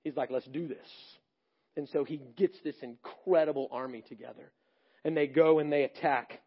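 A male pastor preaching a sermon, animated and swinging between loud and hushed delivery. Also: on the high side, moderate pace, highs cut off.

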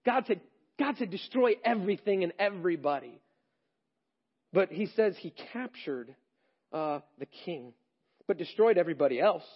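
A male pastor preaching a sermon, animated and swinging between loud and hushed delivery. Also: sits high, normal speed, husky, highs cut off.

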